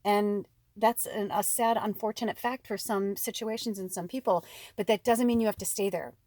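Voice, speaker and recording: Woman card reader, casual and rambling, mid-pitched voice, dry close sound. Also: steady tone, normal speed, a little mellow, no room sound. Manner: rambling, chatty, swears casually. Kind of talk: casual spiritual chat.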